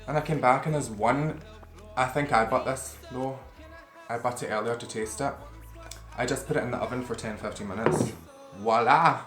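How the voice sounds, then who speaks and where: Over music, a man with a medium-pitched voice eats and chats casually to a camera facing him at home. He rambles and swears freely at a normal speed, and the recording is reverberant.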